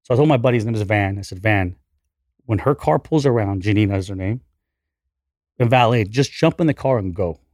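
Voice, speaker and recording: Man, 40s, fast-paced animated storyteller, dry close sound, casual and profane. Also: lowish voice, dry recording. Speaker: podcast guest.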